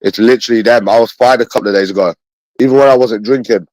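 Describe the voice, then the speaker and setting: A man's voice: mid-range voice, quick pace, a little mellow, no room sound, rough recording. A man with a London accent, talking to his viewers in a rambling livestream monologue. He sounds bitter, repeats himself and swears often.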